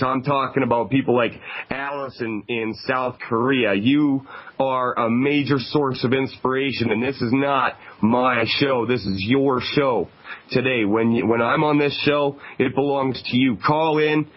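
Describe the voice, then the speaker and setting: Canadian guy hosting call-in radio, chatty and emphatic, kinda muffled lo-fi sound. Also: medium pitch. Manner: conversational, emphatic, repeats phone numbers slowly. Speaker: radio show host. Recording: dull lo-fi radio broadcast.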